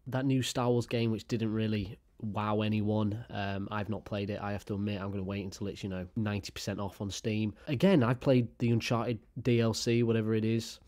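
Talking to the camera in a fairly low, dark voice, a young gaming YouTuber rambles casually about video games, using lots of fillers and swearing often.

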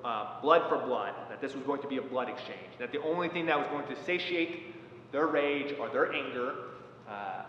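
A man who was a Marine platoon commander, speaking in a measured, reflective way with many pauses and fillers. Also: medium pitch, lively intonation, a little hiss or hum. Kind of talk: reflective talk. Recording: echoey hall, dull lo-fi sound.

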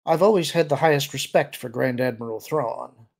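A man's voice: medium pitch, creaky. A man voicing a composed senior male admiral who speaks coolly and with authority. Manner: cool, measured.

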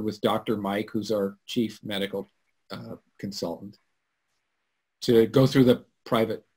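Male webinar host, husky voice on a computer mic, lively storyteller. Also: mid-range voice. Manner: animated storytelling, swinging from loud to hushed. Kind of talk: live webinar talk. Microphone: computer mic on a video call.

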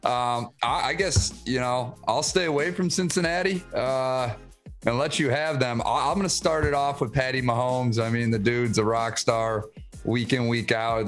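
A man co-hosting a casual sports podcast, teasing and excitable, often laughing. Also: mid-range voice. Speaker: podcast co-host.

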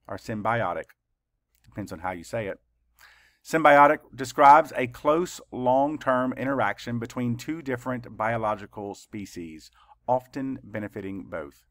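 A male teacher leading a children's spelling lesson, spelling each word out letter by letter with slow, deliberate dictation. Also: medium pitch, fairly bright tone, dry recording.

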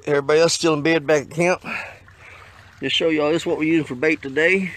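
A man casually talking to the camera while fishing on a riverbank, hot and a little out of breath, folksy and quick to grumble. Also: on the high side. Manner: folksy, excitable, swears mildly at fish. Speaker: fishing vlogger. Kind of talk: casual outdoor vlog. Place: outdoors on a riverbank. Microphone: handheld camera mic.

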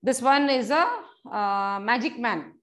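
A woman's voice: fairly high pitch, slow, a bit bright. A woman teacher, reading a story aloud to young children and explaining each word simply. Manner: repeats and explains words simply, addresses children directly.

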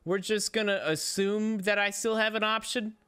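A man streaming a racing game, commenting excitedly, swearing and yelling at rival drivers. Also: high voice, moderate pace, clear, resonant tone. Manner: excitable, profane, yells at rivals. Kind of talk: gameplay commentary.

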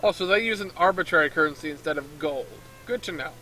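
A man commentating on a game he is playing, with excited, mock-indignant quips. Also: on the high side, fast, faint music behind, low-quality recording. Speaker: gamer. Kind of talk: let's play commentary.

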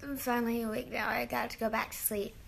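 A woman's voice: fairly high pitch, little pitch movement, quick pace, vocal fry, slight background noise. A woman chatting in a casual selfie video diary at home, bubbly and exclamatory, recorded on a phone held at arm's length. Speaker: vlogger. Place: at home indoors.

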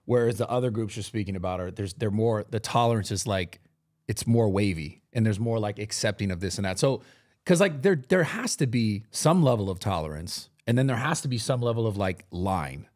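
A man's voice: on the low side, expressive, brisk, a little mellow. A man hosting a podcast, talking in a casual, hesitant way as he searches for his words. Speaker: podcast host. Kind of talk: casual conversation.

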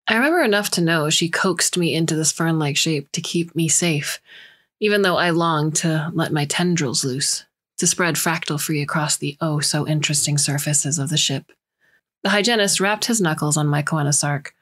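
A woman reading a science fiction story aloud in measured, scripted narration. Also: low-pitched, fairly bright tone. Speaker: story reader.

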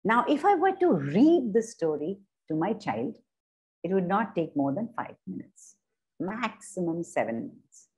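A woman's voice: on the low side, big pitch swings, a little slow, a little mellow, husky. A woman, telling a children's story expressively, with sound effects and little character voices. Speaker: storytelling workshop leader. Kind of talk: animated children's story reading.

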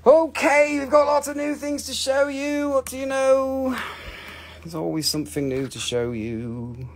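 A man's voice: very high voice, lively intonation, a little slow. Folksy Appalachian man selling rocks. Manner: rambling, joking, folksy with hoots. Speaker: host of a live mineral sale. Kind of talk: casual live-stream sales patter.

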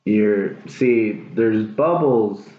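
A man's voice: on the low side, drawn-out words. A man giving a casual tarot reading to his viewers, earnest, encouraging and rambling. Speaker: tarot reader. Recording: echoey room, dull lo-fi sound.

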